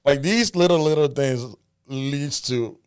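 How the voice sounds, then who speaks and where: A man's voice: a little high, slow, smooth. A man co-hosting a casual chat, talking hesitantly with many fillers and restarts, and often agreeing. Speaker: co-host.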